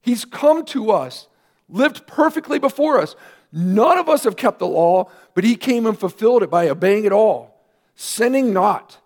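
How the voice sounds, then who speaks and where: A man, a pastor, preaching a sermon earnestly, with emphatic rising questions and quieter asides. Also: sits high, animated, unhurried.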